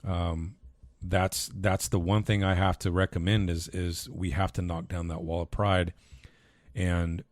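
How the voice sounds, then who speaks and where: A man's voice: deep voice, level tone, unhurried, no echo. A man co-hosting a podcast who speaks in a heartfelt, earnest way and often repeats words as he restarts his sentences. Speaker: podcast co-host, husband and father. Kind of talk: casual podcast conversation.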